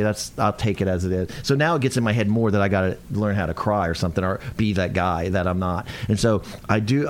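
A man's voice: fairly low pitch, smooth. A man on a podcast tells a story in loose, rambling bursts. He mocks himself as he goes and keeps starting sentences over. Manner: rambling, self-mocking, restarts sentences often. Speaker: podcast co-host, actor. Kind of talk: casual storytelling chat.

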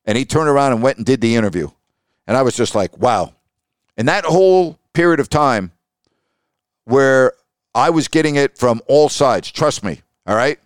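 A middle-aged man hosts his podcast with a smooth, resonant voice, leaning hard on his points as he tells a story. He is recorded close to the mic in a dry, dead room. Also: mid-range voice, moderate pace, no room sound. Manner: emphatic, animated, acts out quoted voices. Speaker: podcast host and sports broadcaster. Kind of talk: storytelling monologue.

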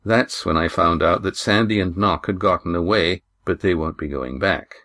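A man reading an audiobook, voicing a weary, guarded young man who answers in low, clipped sentences. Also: normal speed, sharp tone. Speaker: audiobook reader voicing a character.

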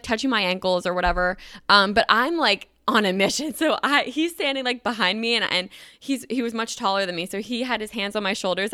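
A young woman telling a story casually, chatty and animated, with lots of "like" fillers. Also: mid-range voice, smooth, no room sound, studio quality. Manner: chatty, filler-heavy with frequent "like"; animated, acts out quoted voices. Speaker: vlogger.

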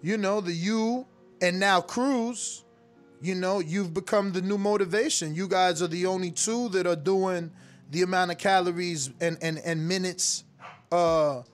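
A man's voice: high-pitched, a little slow, soft background music. A man hosting a call-in show, teasing and bantering in a playful way and repeating his points. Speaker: show host.

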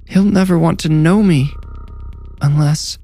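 A desperate young nurse, sobbing and pleading in a high, wet, tearful voice, as a male narrator puts her on. It is a horror story reading with faint music underneath. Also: measured pace, warm tone, dry recording.

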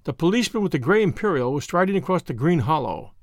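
A man narrating a classic mystery story in an expressive reading. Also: on the high side, fast talker, no room sound, clean studio sound.

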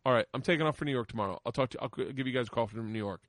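A man's voice: medium pitch, racing, fairly bright tone, dry recording, studio quality. A middle-aged man telling a story on a podcast in casual, profane talk, laughing often and acting out what people said. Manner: profane, laughing storyteller who acts out quotes. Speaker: podcast host.

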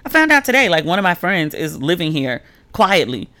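A woman's voice: sing-song, brisk, bright, forceful tone, no room sound. Chatty woman host, dry close sound. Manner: chatty storytelling, heavy use of "like", swings pitch when quoting people. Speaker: podcast host. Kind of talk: casual solo chat.

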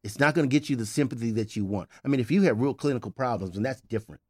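A man's voice: medium pitch, racing, a little mellow, no echo, clean studio sound. An older man on a podcast giving blunt, emphatic tough-love advice in casual chat. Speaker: podcast regular, host's father.

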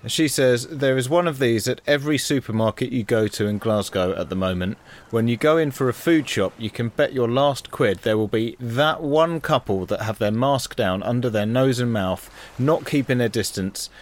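A man, co-hosting a podcast, chatting casually with animated, exasperated riffs. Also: medium pitch, moderate pace. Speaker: podcast co-host. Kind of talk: casual chat.

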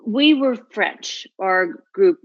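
A middle-aged American actress talking casually in an interview, animated, often laughing and trailing off into asides. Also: female voice, medium pitch, takes it slowly, no echo, lo-fi sound. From United States. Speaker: actor guest.

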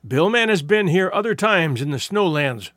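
A man's voice: high voice, expressive, moderate pace, a bit bright, no echo, studio quality. A man doing a shrewd village orator. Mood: persuasive. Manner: orating, persuasive. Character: shrewd persuasive village man with a crooked neck.

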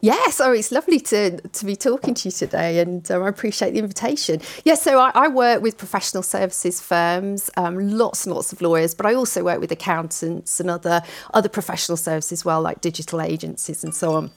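British woman interview guest, polite and warm-mannered, a bit low-pitched. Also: brisk, few pauses. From United Kingdom. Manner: friendly, laughing easily, polite. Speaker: podcast guest, consultancy founder. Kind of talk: interview answers.

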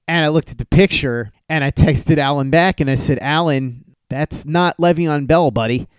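Podcast host guy, smooth clear voice, kinda high, dry close sound, tells stories and acts out the quotes. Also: normal speed, dry recording. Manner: animated storyteller who acts out quoted dialogue. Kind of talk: casual storytelling tribute.

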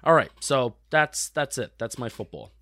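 A young man co-hosting a casual sports podcast, chatty and quick to agree, often restarting his sentences. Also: mid-range voice, very animated, a bit bright, no echo. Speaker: podcast co-host.

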